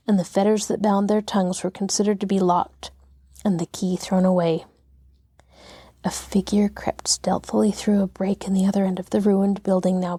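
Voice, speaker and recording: A woman, a children's librarian, reading a classic novel aloud in a steady, measured storytelling voice. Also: mid-range voice, dry recording, clean studio sound.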